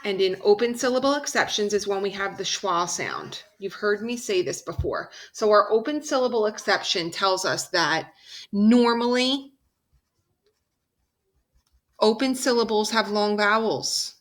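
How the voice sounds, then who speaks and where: A woman teaching a phonics lesson, speaking slowly and patiently, drawing out example sounds and checking in with her class. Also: medium pitch, fairly bright tone.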